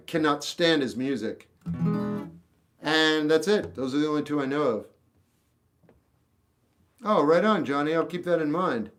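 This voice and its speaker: Blunt, opinionated man on a livestream. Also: fairly high pitch. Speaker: livestream host answering chat. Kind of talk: casual livestream chat. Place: home room with a record collection.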